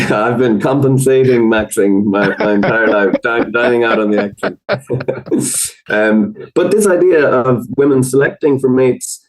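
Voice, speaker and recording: A man with an Irish accent, a podcast guest explaining research in a thoughtful, measured way with frequent fillers. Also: medium pitch, poor audio. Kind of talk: conversational explanation.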